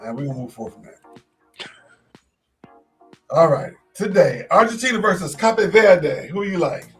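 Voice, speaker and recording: A man's voice: fairly high pitch, big pitch swings, moderate pace, a bit bright, faint music behind. A man hosting a casual sports talk show, laid-back, often repeating words as he thinks.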